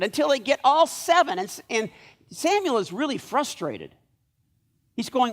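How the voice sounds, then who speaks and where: High-voiced male pastor preaching. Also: moderate pace. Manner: lively storytelling, acting out quoted lines. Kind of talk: sermon. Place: church.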